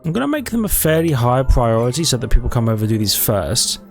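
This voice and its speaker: A man's voice: mid-range voice, very animated, fast, faint music behind. Man musing aloud over a game. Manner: thinking aloud, chatty, self-correcting. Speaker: gaming YouTuber. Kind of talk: casual let's-play commentary.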